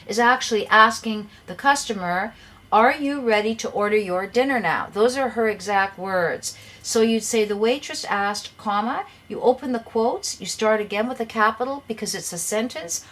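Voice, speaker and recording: A woman's voice: on the high side, moderate pace, fairly bright tone. A middle-aged woman teaching an English grammar lesson, explaining patiently and sometimes repeating words as she goes.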